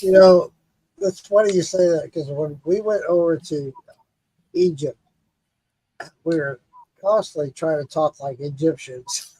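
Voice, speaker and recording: Husky-voiced man chatting on a livestream. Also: on the high side, unhurried, pauses often, warm tone, rough recording. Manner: laid-back and joking, swears casually. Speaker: livestream host. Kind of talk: casual livestream chat.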